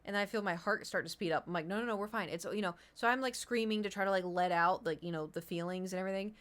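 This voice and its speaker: A woman's voice: medium pitch, quick pace. A young woman streamer casually telling a long story to her chat, acting out what her friends said, rambling and restarting. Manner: animated, acts out quotes of friends, rambling with restarts.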